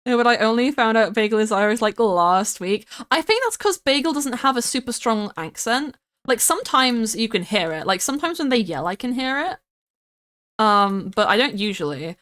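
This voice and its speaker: A woman's voice: on the high side, very animated, normal speed, a bit bright. A young woman from the United Kingdom, a streamer chatting casually and rambling while she builds in a game, often giggling and swearing.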